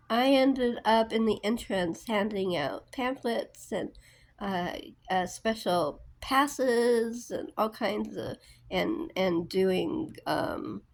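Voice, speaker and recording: Woman, casual vlog storyteller, unhurried and rambling, full of fillers. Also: fairly high pitch. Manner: rambling, many fillers and restarts. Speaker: book vlogger.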